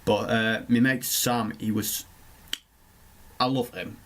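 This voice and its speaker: A young man, co-hosting a podcast and telling stories in casual chat, animated and swearing often. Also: on the low side, slow pace, a little hiss or hum. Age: young adult. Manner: animated storytelling, swears a lot. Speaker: podcast co-host.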